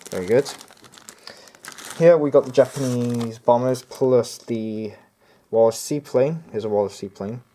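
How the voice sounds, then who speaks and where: A man's voice: mid-range voice, warm tone, slight background noise. A young man giving a casual unboxing review of a model kit, rambling, hesitant and often correcting himself. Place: home near a road.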